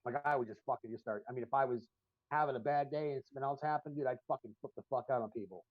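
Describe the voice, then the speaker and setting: A man's voice: medium pitch, rapid-fire, no room sound. A man co-hosting a podcast, telling long, profane, rambling stories full of fillers in casual chat. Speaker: podcast co-host. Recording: dull lo-fi stream audio.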